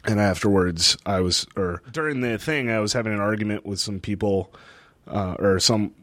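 There's no echo on this recording of a young man with a fairly low voice speaking at a moderate pace. A podcast co-host living in a northeastern US city, he chats casually, telling stories with frequent laughs and acted-out quotes.

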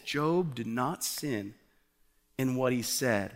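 A man's voice: medium pitch, very animated, slow, pushed and bright. A male pastor preaching a fervent sermon, often restarting his sentences and stepping into asides. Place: church sanctuary. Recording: long church hall reverb.

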